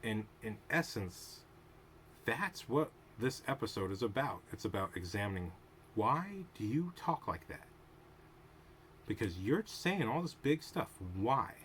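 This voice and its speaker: A man's voice: mid-range voice, very animated, unhurried, fairly bright tone, a little hiss or hum. A man hosting his own show, giving casual analytical commentary on a TV episode, thinking aloud and wandering off on tangents. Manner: discursive, goes off on tangents, thinks aloud with restarts. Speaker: show host reviewing a TV episode.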